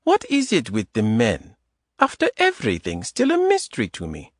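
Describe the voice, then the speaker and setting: A man's voice: medium pitch, wildly swooping pitch, normal speed, dry recording, studio quality. A man voicing a teasing young woman in her thirties with a light Eastern European accent and blunt, clipped phrasing, in an audiobook. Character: woman in her early thirties, lithe yoga lover, teasing.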